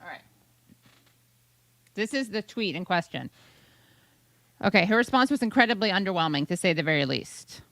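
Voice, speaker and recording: A woman hosting a casual talk show, sardonic and quick with profane asides. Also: medium pitch, animated, fairly bright tone, no room sound. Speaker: host. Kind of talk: casual chat.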